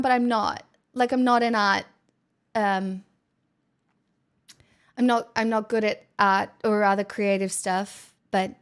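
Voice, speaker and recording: Giggly, slow-talking woman streamer. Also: fairly high pitch. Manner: playful, giggly, teasing. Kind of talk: casual chat.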